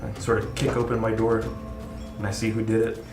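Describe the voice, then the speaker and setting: A man plays his character at a tabletop game in a dry, understated way. His voice is on the low side, and the room is echoey. Music sounds clearly in the background. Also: little pitch movement, a little fast. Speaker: player.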